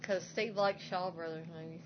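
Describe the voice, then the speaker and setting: A woman's voice: fairly low pitch, steady tone, normal speed, a little hiss or hum. Blunt teasing woman, lo-fi. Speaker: podcast co-host. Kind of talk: casual chat.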